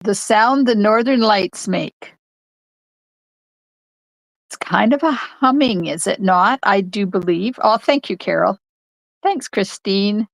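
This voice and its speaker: Chatting with her audience while stamping, an older card-making instructor leads a live craft tutorial in her home craft room. She speaks slowly in an animated, mid-range voice with vocal fry and frequent pauses. The recording is dry and low in quality.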